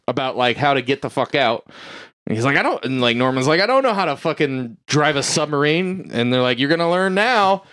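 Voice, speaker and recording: A man's voice: mid-range voice, fairly bright tone, no echo, studio quality. A man recapping a movie in casual chat, rambling and profane, with lots of "like" and "uh", and acting out the characters' lines.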